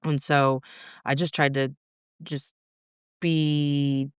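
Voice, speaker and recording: A woman's voice: low voice, level tone, very slow, smooth, dry recording, clean studio sound. A middle-aged woman talking as a podcast guest, telling her story frankly, swearing freely and laughing through hard moments. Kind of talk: candid conversational storytelling.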